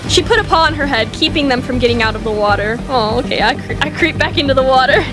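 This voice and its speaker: High-voiced woman narrating a roleplay. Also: fast, over loud music. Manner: animated, rises high for shouted character lines. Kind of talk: reading a story roleplay aloud.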